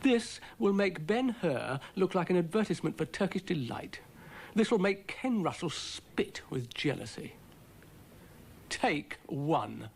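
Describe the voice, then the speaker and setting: A grumpy, self-important dog directing a film, as a man puts him on. He talks slowly and wearily, and his voice swings up sharply whenever he gets exasperated. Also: high-pitched, sing-song, creaky, slight background noise, pitched above the performer's own voice, heavily acted. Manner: weary, exasperated and pompous.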